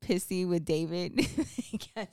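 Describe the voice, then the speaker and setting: A woman's voice: on the low side, measured pace, dark tone, smooth, no echo, studio quality. A young adult woman co-hosting a podcast, chatting casually in a playful, teasing, emphatic way. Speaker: podcast co-host. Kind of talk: casual chat.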